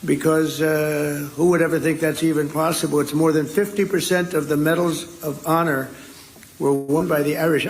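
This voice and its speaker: A man's voice: fairly high pitch, fairly even intonation, moderate pace, background noise. A man giving an off-the-cuff speech at a luncheon, rambling with ad-libs and asides between prepared lines, into a podium microphone. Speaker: speaker at a luncheon. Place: indoor luncheon event.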